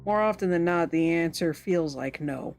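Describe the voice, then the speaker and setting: A woman streaming a game, reading its text aloud and telling stories in a chatty, animated way. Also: moderate pace. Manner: chatty, animated storytelling with sudden pitch jumps. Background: background music.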